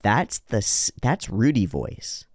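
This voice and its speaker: A man's voice: on the low side, very animated, takes it slowly, darkish tone. A man hosting an anime reaction video, speaking bluntly and emphatically, with some swearing. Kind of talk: reaction commentary.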